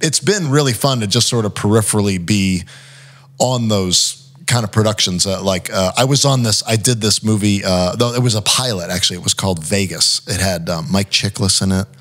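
A man, a guest actor, telling stories in casual chat, animated, often acting out what others said, with lots of fillers. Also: on the low side, brisk. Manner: animated, acts out quotes, frequent fillers.

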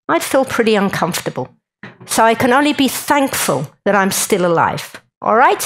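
A woman's voice: mid-range voice, expressive, a little fast, low-quality recording. A woman giving a chatty, joking talk to a live conference audience and speaking straight to the crowd.

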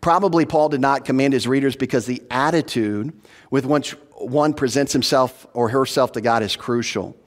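At a moderate pace and medium pitch, a man preaches an expository sermon as a pastor, earnest and teacherly, repeating points to stress them. He's in a church hall, and the recording carries long hall reverb.

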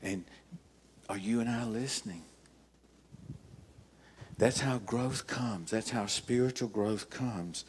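An older man preaching a sermon as pastor, emphatic, telling stories with dramatic pauses. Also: fairly low pitch, a little hiss or hum.

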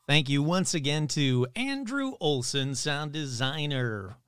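A man's voice: a little high, animated, slow, fairly bright tone, clear, resonant tone, no room sound. A man hosting a paranormal podcast, reading news stories in a casual style with joking, self-deprecating asides. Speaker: podcast host. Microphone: studio microphone, adjusted mid-show.

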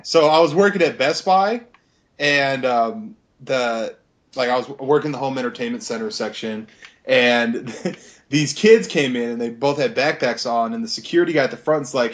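A man's voice: mid-range voice, normal speed. A young man with a midrange voice tells a story at an easy pace. He is laid-back and profane, with plenty of fillers along the way. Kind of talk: casual chat, storytelling.

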